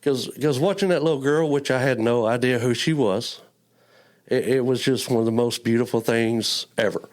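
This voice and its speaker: A man giving an earnest personal faith testimony as a church guest. He talks haltingly, often repeating his words, and sounds close to tears. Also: medium pitch. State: emotional, near tears.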